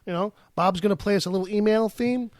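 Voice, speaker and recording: A man's voice: high voice, fast talker, no echo, clean studio sound. A man with a New York accent, co-hosting a casual podcast and ranting with a lot of swearing and sarcasm. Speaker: podcast co-host.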